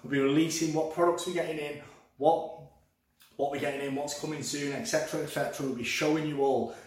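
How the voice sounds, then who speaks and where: A man's voice: on the high side, steady tone, fast. A man who owns a shop, chatting enthusiastically on a podcast and repeatedly calling his listeners guys. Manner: enthusiastic, repetitive, keeps addressing listeners as guys. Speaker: shop owner promoting his store on a podcast. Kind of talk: promotional podcast chat. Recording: echoey room, far from the mic, music behind.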